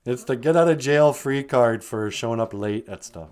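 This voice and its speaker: A man's voice: mid-range voice, lively intonation, slow pace, pauses often, darkish tone. A man co-hosting a podcast in casual chat, joking and slipping into put-on voices. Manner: jokey, breaks into put-on voices. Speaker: podcast co-host.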